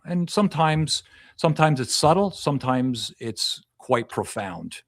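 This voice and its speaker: A man's voice: medium pitch, expressive, moderate pace, gravelly, no room sound, clean studio sound. A man who works as a past life regression hypnotist, answering as a podcast guest and explaining at length, often repeating and restarting phrases.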